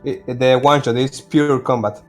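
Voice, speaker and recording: A man's voice: mid-range voice, steady tone, moderate pace, faint music behind. A man in casual game voice chat, asking plain questions about the rules. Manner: inquisitive, asks plain questions. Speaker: player.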